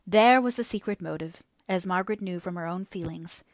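A woman narrating a classic novel as an audiobook reader, steady and expressive. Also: on the low side, fairly quick, few pauses, dry recording, studio quality.

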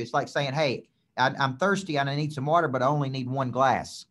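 A man's voice: mid-range voice, fast, hardly any pauses, fairly bright tone. A man who is a business coach, giving an emphatic coaching session with lots of repetition and frequent "okay?" check-ins.

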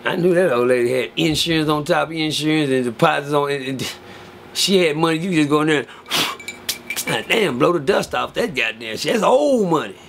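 A man telling a story in casual, profane talk, lively and acting out other people's lines. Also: fairly high pitch, moderate pace, gravelly, slight background noise.

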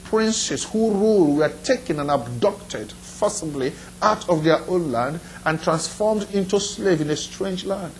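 High-pitched guy preaching, earnest, keeps repeating himself and asking the listener stuff. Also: animated, a little slow, hardly any pauses, a little hiss or hum, poor audio. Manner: earnest, repetitive preaching with direct questions to listeners. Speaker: pastor. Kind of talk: sermon.

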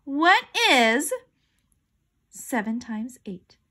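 A woman's voice: a little high, lively intonation, very slow, sharp tone, exaggerated voice. A woman voicing a cheerful male school principal quizzing kids. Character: adult male school principal, game host.

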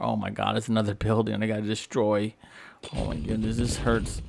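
A man's voice: on the low side, little pitch movement, fairly quick, gravelly, a little hiss or hum. A man giving goofy in-character game commentary, playful and melodramatic, boasting and groaning in mock pain. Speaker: gameplay commentator.

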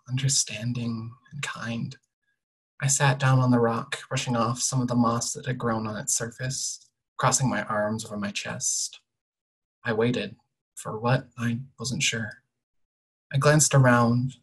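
A young author reads from their own novel in a quiet, measured way. The voice is husky and breathy, sitting at a middle pitch. Sentence endings often fall away softly. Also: low-quality recording. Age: young adult. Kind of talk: literary reading of a novel excerpt.

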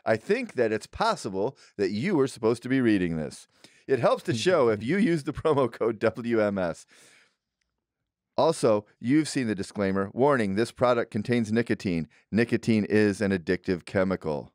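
A man co-hosting a podcast, reading a sponsor ad in a deadpan, steady way in a studio. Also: lowish voice, normal speed, no room sound. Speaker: podcast co-host reading ads. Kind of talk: ad read in casual chat.

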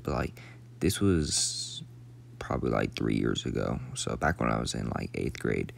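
A man's voice: a bass voice, expressive, a little slow, gravelly, long pauses, a little hiss or hum. A young man in his late teens telling a rambling, profane story in a casual, slangy way, sometimes dropping to a whisper.

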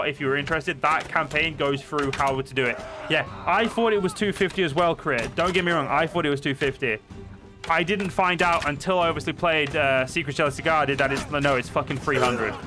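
A man streaming a game, chatting casually and swearing often, with sudden loud outbursts. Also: on the high side. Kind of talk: casual gameplay commentary. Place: home, seated at a desk.

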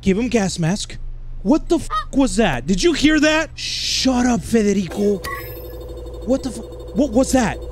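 A man with a Mexican accent doing comedic, crude gameplay commentary and often yelling. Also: sits high, lively intonation, a little slow, a little hiss or hum. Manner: loud, crude, joking, yells in bursts. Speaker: gaming YouTuber.

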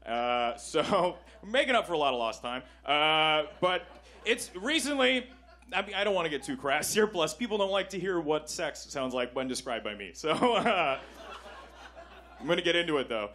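A young man from Canada doing a stand-up set in a comedy club, self-deprecating and switching into quick voices for the people in his stories. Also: fairly high pitch, sing-song, bright, forceful tone. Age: 20s.

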